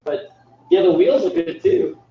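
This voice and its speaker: A man's voice: extremely high pitch, measured pace, creaky. A man giving a casual, enthusiastic car review as a guest on the stream. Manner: enthusiastic, animated. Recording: echoey, dull lo-fi audio with faint noise.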